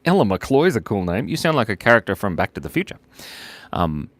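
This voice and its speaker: Lively low-voiced man hosting a live stream. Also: brisk, dry recording. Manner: chatty, reads viewer comments aloud, jokes and laughs often. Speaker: host of a live drawing stream. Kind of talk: casual live-stream chat while drawing.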